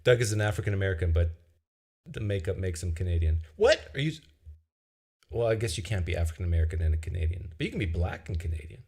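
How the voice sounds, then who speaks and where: A man hosting a live-stream call-in show, joking with callers in a deadpan, mock-serious way. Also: sits low, quick pace, creaky, breathy edge. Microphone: video-call style live stream.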